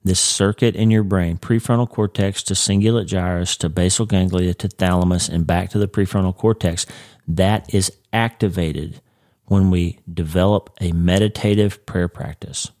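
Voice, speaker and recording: Deep-voiced congested man teaching. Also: fairly even intonation, moderate pace, darkish tone, no room sound, clean studio sound. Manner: earnest, explanatory, with occasional restarts. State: congested, with jaw pain. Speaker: Christian teacher of a weekly series. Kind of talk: conversational faith teaching.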